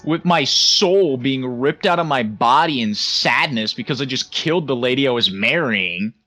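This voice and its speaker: A young man chatting casually with friends, his tone bright and ringing. He tells his story with big, animated emphasis. Faint music plays in the background. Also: medium pitch, normal speed. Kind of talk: casual chat among friends.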